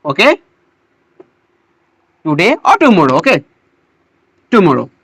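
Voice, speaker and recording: A teacher giving a slow English grammar lesson, pausing, repeating words and restarting phrases as they explain. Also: medium pitch, wildly swooping pitch, fairly bright tone, husky, dry recording. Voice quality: non-native English phrasing.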